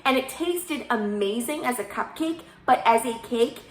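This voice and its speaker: A young woman casually telling a story from her bakery work, chatty and animated as she acts out what people said. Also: on the high side, a little slow. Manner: chatty, animated retelling with quoted dialogue. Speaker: baker, channel host. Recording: echoey room.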